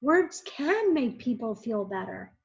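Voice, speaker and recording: A woman reading aloud, voicing an excited young boy who shouts high and loud when he is upset. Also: a little slow, vocal fry, full character voice. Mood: amazed. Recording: muffled lo-fi recording.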